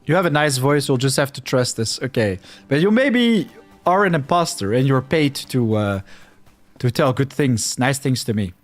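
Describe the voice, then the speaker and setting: Young Flemish male streamer, rambling and self-deprecating, animated delivery over faint game music. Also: medium pitch, moderate pace. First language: Dutch. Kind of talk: casual livestream chat over gameplay.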